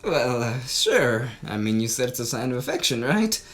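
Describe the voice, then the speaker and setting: A woman reading a visual novel aloud, with theatrical commentary and sudden laughing shouts. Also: very deep voice, sing-song, moderate pace. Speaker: game streamer.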